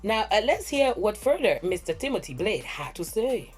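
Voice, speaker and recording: A woman hosting a gossip reaction commentary, talking in a dramatic, theatrical way with drawn-out exclamations. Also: mid-range voice, very animated, husky. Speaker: gossip reporter host.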